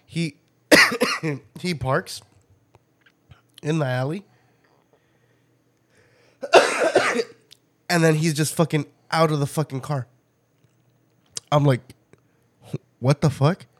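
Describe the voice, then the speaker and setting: A man hosting a podcast, telling a story in a loose, profane, animated way and often breaking into laughter. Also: a little high, extremely slow, long pauses. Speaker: podcast host. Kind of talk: casual storytelling chat.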